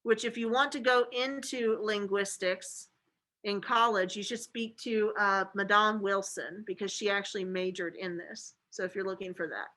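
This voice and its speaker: Bright-voiced woman teacher, chatty lecture. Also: mid-range voice, fairly even intonation, moderate pace, low-quality recording. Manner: casual and chatty, many fillers like "like" and "okay". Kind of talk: classroom lecture.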